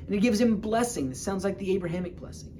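A man preaching a sermon, retelling a Bible story in a casual, humorous way with quick bursts of speech. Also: sits high, mellow, a little hiss or hum.

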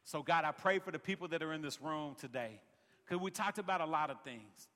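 A pastor with a bright, somewhat high voice preaches a sermon at a fairly quick clip and with forceful energy. He sprinkles "man" throughout and builds rhythmic refrains, while a long reverb tail fills the large worship center.

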